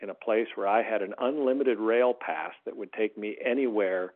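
An American man telling stories in a casual conversation as a podcast guest, his voice jumping up high when he makes a point. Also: moderate pace. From United States. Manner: animated storyteller, voice rising high on emphasis. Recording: tinny phone-line sound.

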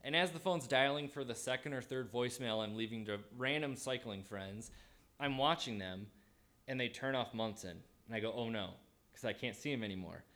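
A man telling a personal story in a casual, animated way, acting out his own thoughts as he goes. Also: medium pitch, brisk.

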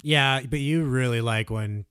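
A man co-hosting a podcast, joking bluntly and throwing in quick asides. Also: mid-range voice, fairly bright tone, clear, resonant tone, no echo, studio quality. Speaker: podcast co-host. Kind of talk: casual chat.

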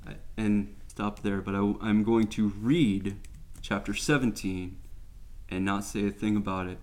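A man's voice: lowish voice, little pitch movement, a little slow, a little mellow. A man teaching a sermon, speaking earnestly with many restarts, then reading scripture aloud. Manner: reads scripture aloud steadily. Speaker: Bible teacher.

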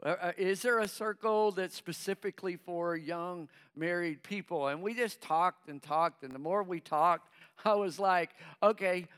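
A man's voice: sits high, normal speed, few pauses, fairly bright tone, clean tone. A middle-aged man preaching a sermon to his congregation. He breaks in with call-and-response asides and acts out the voices of nervous believers. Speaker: pastor.

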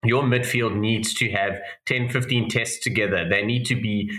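A man's voice: fairly low pitch, steady tone, normal speed, bright, forceful tone. A man, co-hosting a podcast and talking through rugby analysis in a rambling way, with many restarts. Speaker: podcast co-host. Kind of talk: casual rugby analysis chat. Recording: roomy echo.

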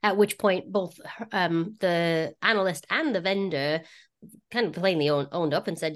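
A woman's voice: lowish voice, lively intonation, brisk. A woman hosting a podcast in a casual, chatty way, with informal slangy asides. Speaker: podcast host.

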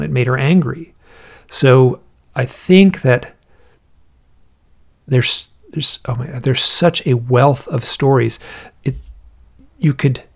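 Gravelly and mid-range, this man's voice belongs to an interview guest who researches accounts of alien encounters. He thinks aloud and tells stories in a relaxed, musing manner.

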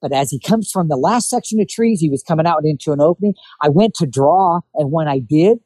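A man's voice: on the high side, brisk, breathy edge, no room sound, low-quality recording. A man telling a hunting story in a casual chat, acting out what people said. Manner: animated storyteller acting out quotes. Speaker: guest telling hunting stories.

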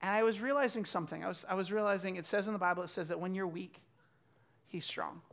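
A man in his thirties preaching a sermon, telling stories and swinging from loud bursts to quiet asides. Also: high voice, fast, vocal fry. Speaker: pastor.

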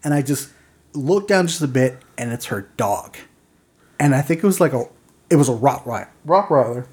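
A man's voice: mid-range voice, expressive, normal speed, darkish tone, husky. A man hosting a casual podcast, telling stories in a rambling way with lots of fillers and chuckles. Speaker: podcast host.

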